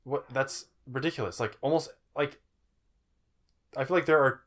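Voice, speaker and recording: A man's voice: medium pitch, normal speed, fairly bright tone. A man co-hosting a podcast in casual chat, rambling and joking, often trailing off and restarting. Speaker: podcast co-host.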